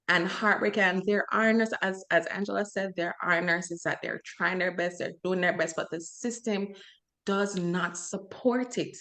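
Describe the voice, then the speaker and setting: A woman's voice: mid-range voice, measured pace, pushed and bright. A young adult woman co-hosting a podcast, talking earnestly and with feeling, with many fillers and restarts. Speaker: podcast co-host. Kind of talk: casual chat.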